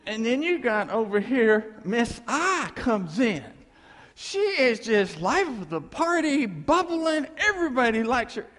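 Male seminar speaker, high and very lively voice, acts out his examples. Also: a little slow, in a large hall. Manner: animated, jokey, acts out characters. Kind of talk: lively lecture with acted examples.

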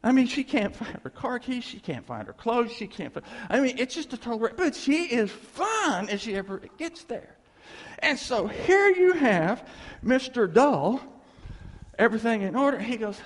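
Male seminar speaker, high and very lively voice, acts out his examples. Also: normal speed, big-room sound. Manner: animated, jokey, acts out characters. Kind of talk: lively lecture with acted examples.

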